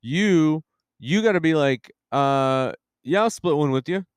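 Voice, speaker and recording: Comedian dude needling his buddy, kinda high voice, dry mic. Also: lively intonation, a little slow, clear, resonant tone, no room sound. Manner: skeptical, needling, teasing. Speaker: comedian podcast co-host. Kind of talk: casual chat.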